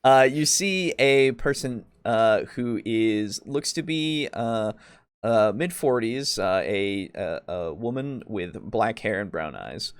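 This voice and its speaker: A man narrating as game master of a tabletop game, pausing often with fillers and restarts. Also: on the low side, expressive, clear, resonant tone, dry recording. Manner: hesitant, many fillers and restarts.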